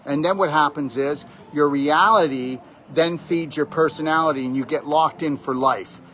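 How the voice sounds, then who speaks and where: A man's voice: a little high, normal speed, a bit bright, a little hiss or hum. A man delivering a rambling, emphatic motivational monologue on natural health, preaching straight at the listener. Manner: preachy, emphatic, keeps addressing the listener directly.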